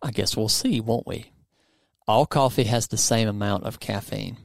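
A man's voice: fairly low pitch, normal speed, vocal fry, dry recording. A man hosting a podcast in a studio, upbeat and playfully teasing his co-host in casual chat.

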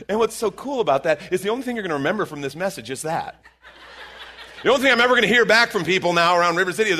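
A man preaching a live sermon as pastor, animated and joking with his congregation in a church auditorium. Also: a little high, quick pace. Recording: long hall reverb from a church room.

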